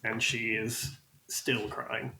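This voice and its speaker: A man's voice: medium pitch, little pitch movement, slow, creaky, sharp tone, a little hiss or hum. A man narrating as game master in a casual way, with many fillers. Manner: casual, fillers, laughs easily. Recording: echoey room.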